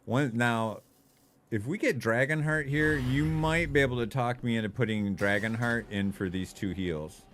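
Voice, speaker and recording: A young adult man giving animated, profane gaming commentary, laughing often and chatting to his viewers. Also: medium pitch, normal speed, a little hiss or hum. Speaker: streamer.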